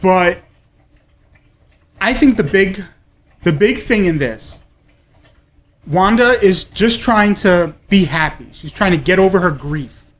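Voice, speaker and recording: A man hosts his own show and reviews a TV episode in a loose, unhurried way. He lingers on his words and drifts from point to point. His talk is full of excited exclamations and small asides. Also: high voice. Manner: gushing, rambling, with frequent exclamations.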